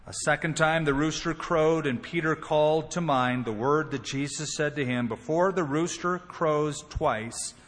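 A man's voice: a little high, unhurried, few pauses. A man preaching a sermon, acting out the quoted lines as he retells the story. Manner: expressive, acts out quoted lines. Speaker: pastor. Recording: long hall reverb.

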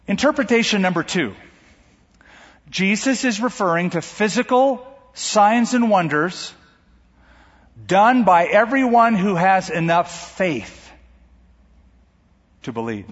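A man delivers a sermon in a slightly high, husky voice. He pushes his points upward, then drops into quiet asides. The sound is dull and carries a long hall echo. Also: expressive, takes it slowly, pauses often. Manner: dynamic preaching with sudden rises and drops. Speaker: pastor. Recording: dull recording in a large reverberant hall.

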